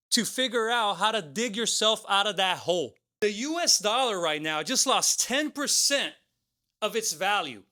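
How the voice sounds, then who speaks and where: This talk show co-host has a high-pitched, sharp-toned male voice. While sharing a motivational story, he repeatedly caps his sentences with "right?" and "okay?"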